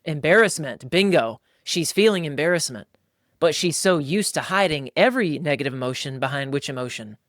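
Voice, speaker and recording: A man hosting a podcast, coaching listeners in a lively, casual way and acting out voices as he talks. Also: on the high side, brisk, dry recording, clean studio sound. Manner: animated, acts out voices. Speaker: podcast host.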